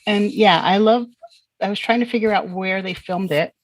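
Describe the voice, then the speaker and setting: A woman's voice: medium pitch, moderate pace, no room sound, poor audio. Agreeable woman co-host, dry close sound. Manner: agreeable, short replies, laughs along. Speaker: podcast co-host. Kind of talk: casual podcast chat.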